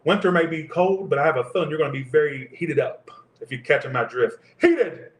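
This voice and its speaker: A man's voice: fairly high pitch, fast talker. A man doing a live tarot reading, talking in crude, profane, joking banter. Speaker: tarot reader. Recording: roomy echo.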